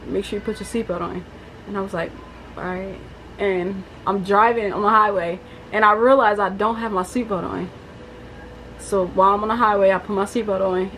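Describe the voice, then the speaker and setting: A young woman telling a story in a casual vlog, chatty and animated, with lots of fillers. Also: medium pitch, low-quality recording. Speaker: vlogger. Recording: faint background noise.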